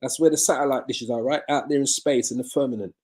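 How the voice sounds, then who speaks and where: A man's voice: medium pitch, fast, darkish tone, slightly rough. A man preaching a sermon-style Bible lesson on a live video from his home. He asks rhetorical questions, answers them himself, and repeats phrases for emphasis.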